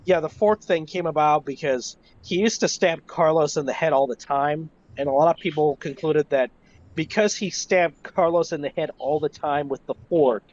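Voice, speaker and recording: A man, a wrestling historian, telling stories in a casual interview, animated and swearing freely. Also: on the high side, moderate pace. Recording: lo-fi voice chat.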